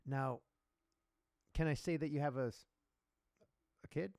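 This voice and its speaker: A man's voice: a little high, a little slow, vocal fry, darkish tone, no echo, studio quality. A man co-hosting a casual podcast chat, pressing his partner with pointed questions. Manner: probing, pushes with questions. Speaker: podcast co-host.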